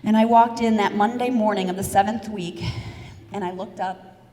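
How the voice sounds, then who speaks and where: A motivational keynote speaker from the United States talks at a medium pitch and normal speed. Her live speech in a large event hall is lively, built around a story, with questions and instructions aimed at the audience, and the sound carries hall reverb.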